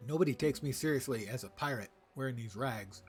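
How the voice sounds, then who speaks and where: Casting: eager young rat-man pirate, high squeaky voice, bad grammar, put on by a man. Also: a little fast, soft background music, close to an everyday voice. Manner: broken grammar, high excited voice. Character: young male ratonga would-be pirate, eager.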